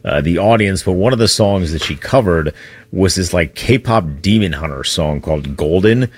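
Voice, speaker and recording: A man's voice: deep voice, expressive, normal speed, husky. A man co-hosting a sports radio show, telling stories in a rambling, conversational way. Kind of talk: casual radio chat.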